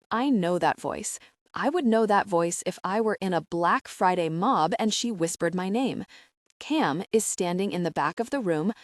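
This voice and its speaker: A woman's voice: fairly low pitch, dry recording. Woman narrating an audiobook, dry and close. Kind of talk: first-person audiobook narration.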